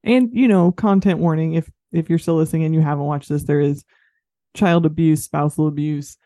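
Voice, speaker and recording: A woman's voice: sits low, fairly even intonation, a little fast, dark tone, no room sound, studio quality. A woman co-hosting a podcast, talking about a film in a chatty, easygoing way. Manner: chatty, easygoing, laughs often. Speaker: podcast co-host. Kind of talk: casual film review chat.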